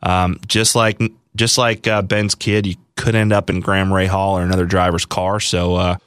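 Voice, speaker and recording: A man's voice: low voice, level tone, normal speed, a bit bright, smooth. A man hosting a podcast, talking in a friendly, rambling way with many fillers. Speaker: podcast host. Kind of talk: casual podcast chat.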